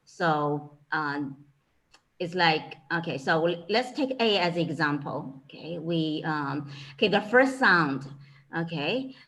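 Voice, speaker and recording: A woman's voice: deep voice, lively intonation, takes it slowly, a bit bright, poor audio. A woman with a Chinese accent, a Chinese language teacher giving an informal lecture, filling her talk with "you know" and "okay".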